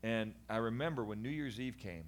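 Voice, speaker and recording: A middle-aged man, a guest in a conversation, giving a candid personal testimony about his past in an animated, earnest way with frequent restarts. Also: medium pitch, brisk. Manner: animated storyteller, acts out voices of people in his story. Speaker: guest sharing his life story.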